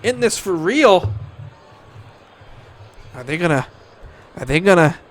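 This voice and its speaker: A young man with a high-pitched voice and slow pace does play-by-play as a fake commentator for a hobby wrestling show. He swears constantly, sounds excitable, and breaks into shouted hype.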